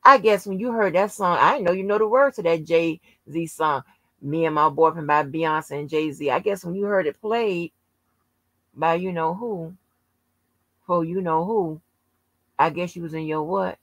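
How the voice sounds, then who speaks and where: A woman's voice: on the low side, unhurried, fairly bright tone, no echo. A woman hosting her own channel, ranting heatedly and profanely at someone, stretching out words for emphasis. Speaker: channel host. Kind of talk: casual rant to camera.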